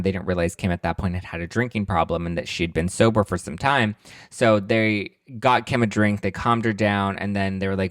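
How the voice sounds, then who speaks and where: A man's voice: on the low side, fairly even intonation, normal speed, clean tone, no room sound, clean studio sound. A young man hosting a podcast, chatting casually about reality TV gossip and acting out the quotes in campy mimicking voices. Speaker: podcast host recapping a book.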